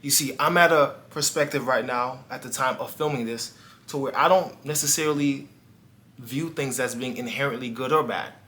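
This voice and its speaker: A man coaching his viewers through a personal story, earnest and direct. His voice is bright and forward, sitting at an ordinary middle pitch. He slips into the voices of the people in the story as he tells it. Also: normal speed. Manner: earnest, talks straight to the viewer, acts out dialogue. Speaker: life coach. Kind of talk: motivational storytelling monologue.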